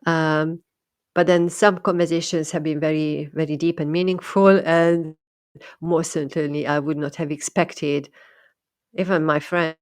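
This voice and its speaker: A woman's voice: low voice, fairly even intonation, measured pace, clear, resonant tone, dry recording, studio quality. A woman talking thoughtfully about her experiences as a medium, often repeating and restarting words. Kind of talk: casual monologue.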